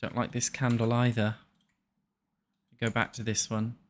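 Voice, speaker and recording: A man's voice: medium pitch, completely flat delivery, unhurried, slight background noise. A British man chatting and joking casually while streaming a life-sim game live, with a posh manner.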